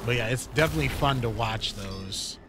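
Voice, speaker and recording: A man's voice: medium pitch, fairly quick. Rambling male streamer over game music. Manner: rambling, filler-heavy, easily sidetracked. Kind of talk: casual gaming chat.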